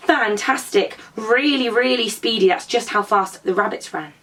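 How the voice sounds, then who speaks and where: A woman who teaches drama to young children, telling a story and prompting them to act it out in an animated, encouraging way. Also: on the high side, normal speed, few pauses.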